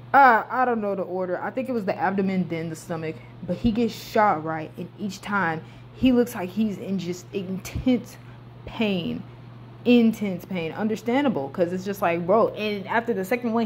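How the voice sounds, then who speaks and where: A young woman recaps a film in a loose, chatty vlog voice. She bounces from quiet, muttered asides to sudden loud bursts. A faint hiss of background noise sits under the recording. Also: medium pitch. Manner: animated, slangy, swings between hushed and loud outbursts. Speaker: movie recap vlogger. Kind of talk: casual excited movie recap.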